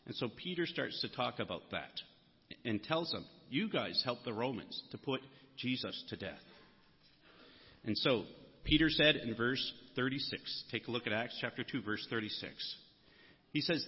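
A man's voice: mid-range voice, expressive, normal speed, slightly rough. A man preaching a sermon, earnest, lifting his voice on the key words. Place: church sanctuary. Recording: muffled sound with long hall reverb.

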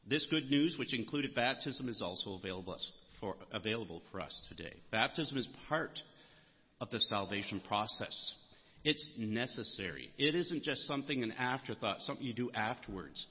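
A man preaches a sermon in a big, echoing church hall, and his voice comes across husky and a little muffled. His delivery is earnest, and he lifts his voice to stress the key words. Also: medium pitch, animated, moderate pace. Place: church sanctuary. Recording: muffled sound with long hall reverb.

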